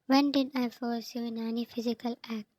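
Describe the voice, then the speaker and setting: A woman reading the lines of an obsessive, possessive young man in a storybook, in a flat, even way. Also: on the high side, brisk, dry recording, close to an everyday voice, rough recording. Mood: stern.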